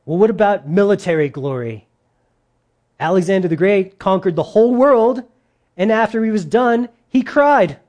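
A preacher delivers a sermon to a congregation. The talk is lively and informal, with jokes and quotes acted out in other voices. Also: medium pitch, moderate pace. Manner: lively, jokey asides, acts out quotes in put-on voices.

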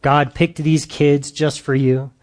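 A middle-aged man delivers a church talk on parenting with a fairly high voice. He is lively and self-mocking, and he bursts into loud acted-out moments mid-story. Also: slow pace. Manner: animated storyteller, acts out his own outbursts loudly. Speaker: parenting seminar speaker.

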